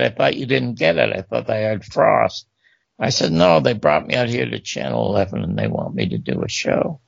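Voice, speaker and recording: Older male storyteller, gravelly and expressive, dry slightly dull audio. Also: medium pitch, dry recording. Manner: animated anecdotes, quotes voices of others. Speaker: talk show host recounting career. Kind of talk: storytelling interview.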